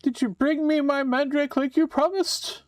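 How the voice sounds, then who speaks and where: A man's voice: extremely high pitch, fairly even intonation, moderate pace, no room sound, recorded from a distance, soft background music, pitched above the performer's own voice. A man voicing an old female swamp witch who is cruel and mocking. She chants rhyming spells in a sing-song way and taunts the listener.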